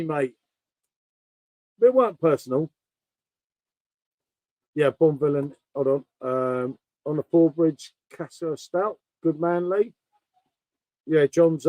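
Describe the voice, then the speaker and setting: Male stream host, loose matey ramble, warm and dry. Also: a little high, no room sound, low-quality recording. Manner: rambling, matey, talks to viewers. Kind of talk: casual chat, beer tasting stream.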